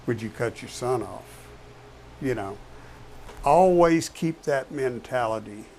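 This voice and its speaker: A man's voice: mid-range voice, lively intonation, slow, warm tone, a little hiss or hum. Emphatic trucker man. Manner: emphatic, repeats key words. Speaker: professional truck driver guest. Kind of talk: casual talk show chat.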